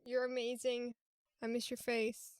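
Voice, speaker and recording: A woman with a high voice co-hosts a podcast in a playful, giggly manner. Her voice sounds dry and close. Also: monotone, measured pace, clear, resonant tone, dry recording. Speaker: podcast co-host. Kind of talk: casual podcast chat.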